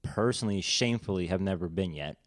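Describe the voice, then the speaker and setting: A man's voice: sits low, quick pace, dry recording. A man as a podcast guest, agreeable and chatty, laughing easily in casual conversation.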